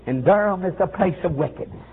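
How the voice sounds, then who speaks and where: A man preaching a revival sermon, fervent and swooping, with frequent "uh"s and bursts of shouting. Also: high voice, lively intonation, brisk. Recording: tinny phone-like old recording with faint hiss.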